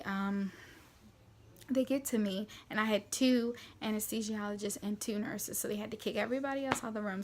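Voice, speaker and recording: A woman's voice: fairly high pitch, slight background noise. Chatty woman telling a storytime vlog. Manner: chatty, animated retelling with many fillers. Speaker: vlogger.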